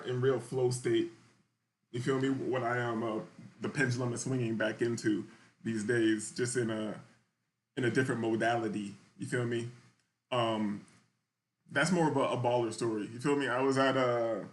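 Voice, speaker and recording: A man's voice: mid-range voice, fairly bright tone. A young man telling a loose, slangy story in casual podcast chat, often checking in with the listener. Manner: loose and slangy, keeps asking "you feel me". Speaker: podcast host.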